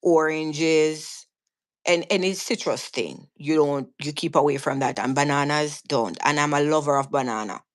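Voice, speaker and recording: On a live stream, a guest with a Jamaican accent casually shares her own story in a low-pitched voice at normal speed. She speaks earnestly and vividly, frequently restarting and repeating herself.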